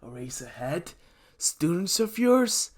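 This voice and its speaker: A man voicing a scornful young male villain who taunts slowly with soft laughs. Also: a little high, big pitch swings, voice pushed up, heavily acted. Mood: taunting.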